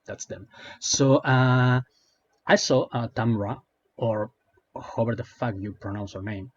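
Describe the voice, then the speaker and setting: A man's voice: medium pitch, unhurried. A man doing a casual commentary rant, hesitant and full of fillers, with a sarcastic edge. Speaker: online commentator. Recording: dull lo-fi sound.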